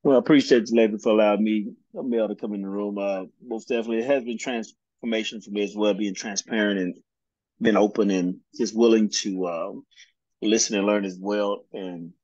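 A man on a group call, speaking haltingly with many "uh"s and "um"s. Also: on the low side, fairly even intonation, a little mellow, no room sound, highs cut off. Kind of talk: casual reflection.

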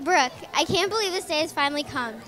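A young woman reading a short toast to her friend, quietly. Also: sits high, fast talker.

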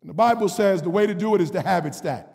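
A man preaching with a very high voice that rings out into a long hall reverb. He hammers his points with shouted repetition, then suddenly drops low and quiet before building again. It is a fiery sermon from the pulpit. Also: quick pace, creaky. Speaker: pastor.

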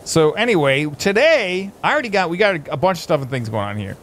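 Male gaming host, higher voice, lively goofy banter, faint noise behind. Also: fairly quick. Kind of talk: casual gameplay commentary.

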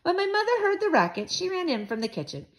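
A woman reading a children's book aloud in an expressive, sing-song way. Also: extremely high pitch, fast.

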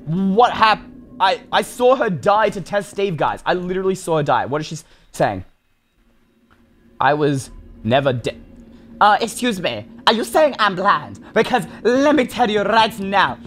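Excitable young man with a high, lively voice. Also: normal speed, faint music behind. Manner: excitable, shouts and rants at the game. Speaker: gaming YouTuber. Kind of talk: Minecraft let's play commentary.

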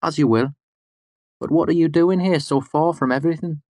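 A man's voice: a little high, normal speed, a little mellow, no room sound, studio quality, close to an everyday voice. A man voicing a weary, clever young wanderer who speaks tersely and guardedly.

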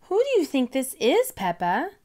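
Woman reading as a gentle mother pig. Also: sits high, huge pitch swings, moderate pace, pitched above the performer's own voice. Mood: reassuring. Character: calm, patient mother pig.

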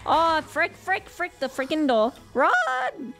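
Excitable high-voiced Northern Irish woman gamer. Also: slow pace, faint music behind. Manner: excitable, frequent panicked exclamations. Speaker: gaming channel host. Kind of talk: live gameplay commentary.

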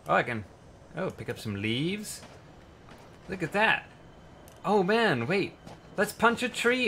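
Guy doing let's play commentary, bright sharp voice, little bit of ambience behind him. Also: mid-range voice, a little hiss or hum. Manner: excitable, yelps in panic and laughs at mishaps. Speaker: gaming channel host.

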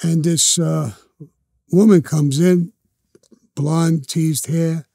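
An older man with a Brooklyn accent tells his stories in a blunt, profane street manner. His voice sits a little high but sounds dark and mellow. The room is dry and close. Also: fairly even intonation, very slow, vocal fry, no echo. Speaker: interview guest. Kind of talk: storytelling interview.

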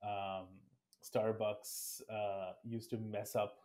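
A man's voice: on the low side, level tone, slow pace, noisy background. A man in his twenties from India, answering interview questions in a reflective, thoughtful way. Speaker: guest. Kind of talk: casual interview.

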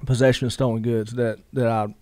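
A middle-aged man tells his story at a quick clip, rambling through fillers and acting out what others said. The recording is close and dry, with no room sound. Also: medium pitch, little pitch movement, a little mellow, no echo. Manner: rambling, many fillers, quotes others in dialogue. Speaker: guest. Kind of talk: casual storytelling.

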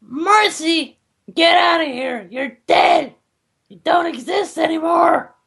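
A very high, shrill teenage girl played by a podcaster who shouts nearly every line. She talks slowly, with a gravelly edge of fry under the squeal. The comic reading is over the top and melodramatic. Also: heavily acted. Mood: bossy. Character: excitable teenage girl gamer, dramatic.

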